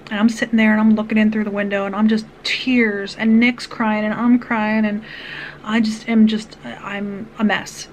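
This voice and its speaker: A woman vlogger with a middle-pitched voice shares a personal story earnestly, rambling and circling back through restarts and asides. She speaks in a level tone at a moderate pace. The audio is poor, with a faint hiss beneath her voice.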